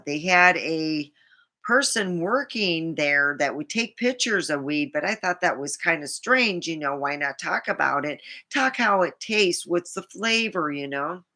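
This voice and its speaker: A woman's voice: fairly low pitch, expressive, unhurried, sharp tone. A middle-aged woman vlogging in a meandering casual monologue, full of fillers and frequent laughter.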